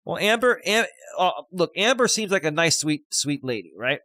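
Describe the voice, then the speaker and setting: A middle-aged male life coach hosts a live stream, casually rambling and reading viewer comments aloud. His voice is on the high side, pushed and bright, with lively intonation and a moderate pace. The recording is dry and close, with no echo but poor audio.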